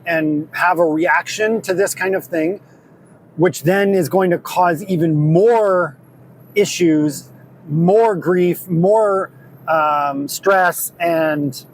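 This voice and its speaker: A man's voice: a little high, rough recording. A man hosting a podcast, talking through a story in an earnest, rambling way with many restarts, recorded in his truck. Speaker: podcast host, discipleship school leader. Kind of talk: casual reflective monologue. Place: in a truck on a drive. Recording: faint vehicle noise. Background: vehicle ambience.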